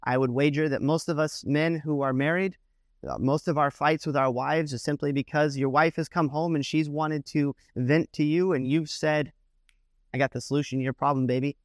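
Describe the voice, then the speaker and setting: A man's voice: a little high, steady tone, moderate pace, no echo, clean studio sound. A man preaching a sermon in a conversational way, often circling back with "the thing is, is that".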